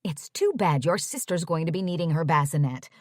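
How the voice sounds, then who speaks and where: A woman's voice: deep voice, animated, a little fast, dry recording, clean studio sound. A woman voicing an older mother who gushes and chatters on, talking over everyone, read in an audiobook. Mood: chattering. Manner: effusive, talks over others.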